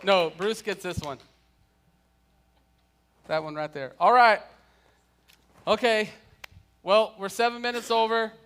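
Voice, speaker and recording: A man with a slightly high voice teaches a relaxed church Bible class. He chats easily and jokes with the people in the room. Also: takes it slowly, long pauses, clear, resonant tone. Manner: chatty, joking with the class.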